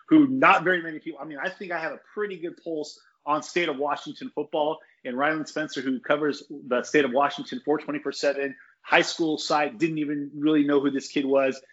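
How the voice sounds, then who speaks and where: Opinionated man talking college football, slightly higher voice. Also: a bit bright, muffled recording. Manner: opinionated, rambling with restarts. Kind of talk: casual sports podcast chat.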